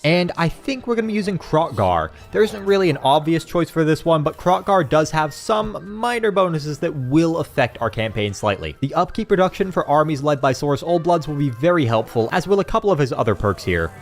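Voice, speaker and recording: A young man talks through his game run in casual commentary, his pitch bouncing all over the place. He is excitable, dropping into flat asides and then bursting out loudly when something goes well. Faint music plays under his voice. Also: fairly quick, hardly any pauses. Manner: excitable, swings between flat asides and loud outbursts. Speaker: gaming YouTuber. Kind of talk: gameplay commentary.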